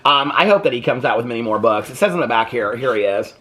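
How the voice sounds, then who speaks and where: A man casually reviewing graphic novels on his book vlog, animated, laughing often and using lots of filler words. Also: mid-range voice, fast, a little hiss or hum. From United States.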